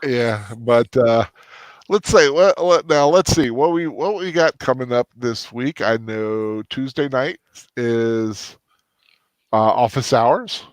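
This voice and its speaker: A man hosts a relaxed movie rewatch chat in a mid-pitched voice. He rambles, stops and restarts his sentences, and fills the gaps with ums. The sound is close and dry. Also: dry recording. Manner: rambling, halting with many restarts and fillers. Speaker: host. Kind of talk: casual post-movie chat.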